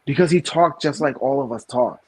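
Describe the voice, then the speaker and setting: Husky man ranting on a podcast. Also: medium pitch, fairly quick. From New York. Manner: rambling, restarts and repeats, emphatic bursts. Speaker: podcast co-host. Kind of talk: casual opinion chat.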